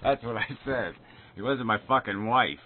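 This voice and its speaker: Taking apart another man's claims, this video commentator sounds angry, sarcastic and profane. His voice is medium-pitched and moderately paced, with background noise and a thin, phone-like quality to the recording.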